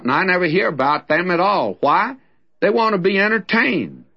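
Folksy older Southern radio preacher. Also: male voice, a little high, a bit bright. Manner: folksy, conversational preaching with storytelling. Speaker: radio Bible teacher. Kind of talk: radio Bible teaching. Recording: dull lo-fi old radio recording.

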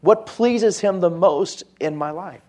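A pastor preaching a sermon in a conversational way, with asides and quoted voices. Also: male voice, sits high, slow pace, mellow.

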